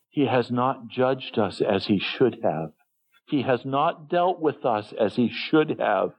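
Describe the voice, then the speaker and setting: A man preaching a sermon in an earnest, emotional way, his voice often dropping low and soft. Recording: muffled lo-fi sermon recording.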